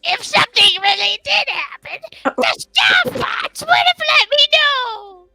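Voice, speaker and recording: A woman's voice: extremely high pitch, big pitch swings, normal speed, pushed and bright, dry recording, pitched above the performer's own voice, exaggerated voice, rough recording. A woman voicing a sassy, Karen-like grandmotherly woman who talks in an indignant, emphatic way.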